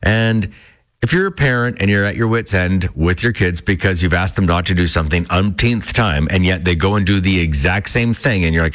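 A man's voice: deep voice, moderate pace. A middle-aged man, a radio morning show host telling a casual on-air story and acting out his own quoted lines.

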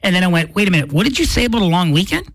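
A man hosting a morning radio show, telling a story in an excitable, chatty way and acting out the quotes. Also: high-pitched, very fast, no echo. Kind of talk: casual radio chat. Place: radio studio. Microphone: studio mic.

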